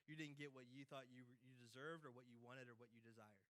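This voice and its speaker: A man preaching a sermon as pastor, repeating phrases with sudden loud peaks and quiet drops. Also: medium pitch, fairly even intonation, fairly quick.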